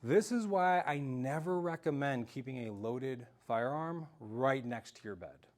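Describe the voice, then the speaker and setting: A man telling a story in an animated, self-mocking way during a talk to a live audience. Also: medium pitch, measured pace. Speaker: speaker giving a self-defense talk.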